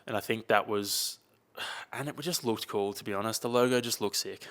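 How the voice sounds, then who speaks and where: A man's voice: fairly low pitch, moderate pace, a bit bright, a little hiss or hum. A young man, chatting casually and rambling on his own podcast. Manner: rambling, chatty, uses slang like mate and dude. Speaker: podcast host. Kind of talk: casual solo podcast chat.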